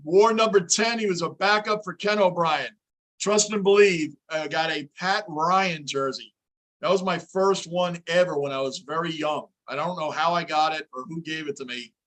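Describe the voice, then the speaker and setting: A man's voice: on the high side, moderate pace, a bit bright. A middle-aged man hosting a fan livestream, chatting casually and reading viewer comments aloud as he reacts to the game. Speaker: livestream host.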